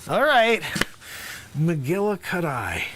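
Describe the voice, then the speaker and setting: A man playing a brash loud basketball coach. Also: high-pitched, big pitch swings, takes it slowly, noisy background, voice pushed down, heavily acted. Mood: bossy. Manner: loud, bossy, rambling with asides. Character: brash male high school basketball coach. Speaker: improv comedian host. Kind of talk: improv comedy sketch.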